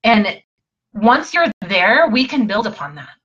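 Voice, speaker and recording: A woman's voice: on the high side, sing-song, measured pace, fairly bright tone, muffled recording. Earnest woman giving a motivational talk. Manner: earnest, emphatic, repeats phrases. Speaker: motivational coach.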